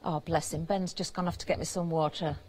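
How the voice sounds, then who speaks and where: A British woman presenting on a live TV shopping channel, chatty and giggly as she banters with the crew, her voice slightly hoarse. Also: low voice, steady tone, brisk, a little mellow. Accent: British English. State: slightly hoarse, throat catching.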